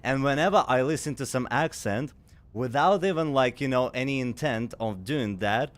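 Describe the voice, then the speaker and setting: A man's voice: mid-range voice, moderate pace. Chatty man commenting on a game. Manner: chatty, rambling, reads lines aloud. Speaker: gaming streamer. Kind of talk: casual playthrough commentary.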